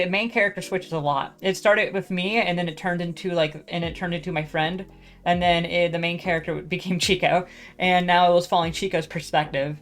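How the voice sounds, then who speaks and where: A woman's voice: lowish voice, a bit bright. A woman hosting a loose, rambling solo talk, restarting sentences constantly, packed with fillers and casual swearing. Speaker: podcast host.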